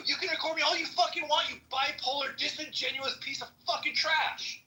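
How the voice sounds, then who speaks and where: A man's voice: very high-pitched, steady tone, brisk, pushed and bright, low-quality recording. A middle-aged man in a heated argument on an audio chat app, furious and profane, ranting over a phone mic. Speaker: chat room participant.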